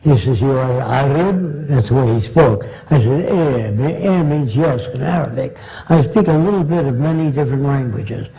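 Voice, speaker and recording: A man's voice: medium pitch, normal speed, few pauses, warm tone, rough recording. An older man answering audience questions with long, blunt, rambling anecdotes, acting out the people he quotes. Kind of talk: anecdotal storytelling in a Q&A.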